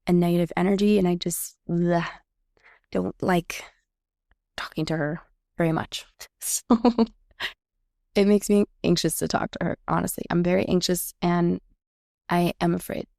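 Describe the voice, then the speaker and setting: A woman's voice: lowish voice, steady tone, normal speed, gravelly, pauses often, mellow, dry recording, studio quality. A woman podcast host telling a personal story in a chatty way, acting out the lines of the people she talks about. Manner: chatty, reenacts quoted dialogue. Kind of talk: casual storytelling monologue.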